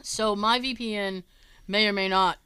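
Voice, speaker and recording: A woman's voice: medium pitch, fairly even intonation, moderate pace, sharp tone, clear, resonant tone, dry recording. A woman co-hosting a casual chat, telling stories with laughs and asides. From United States. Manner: chatty, laughing storyteller. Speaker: co-host.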